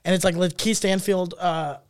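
A man's voice: high-pitched, fairly even intonation, normal speed, clear, resonant tone. A man co-hosting a podcast in casual chat, rambling and hunting for words with lots of fillers and swearing. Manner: rambling, searches aloud for words with many fillers and curses. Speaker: podcast co-host.

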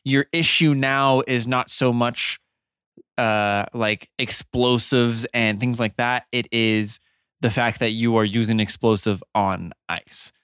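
A man playing a tabletop game, chatting and joking with the group, going quieter as he explains. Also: mid-range voice, fairly even intonation, takes it slowly, clean tone, no room sound, clean studio sound. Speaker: player.

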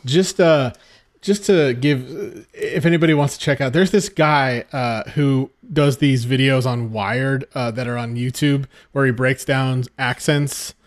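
A man in an easygoing film chat, ambling through his points with "um" and "like" and restarting his sentences as he goes. His pitch sits in the middle, and the talk stays loose and conversational. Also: unhurried. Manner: rambling, hesitant, filler-heavy. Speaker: podcast co-host. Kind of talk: casual film discussion.

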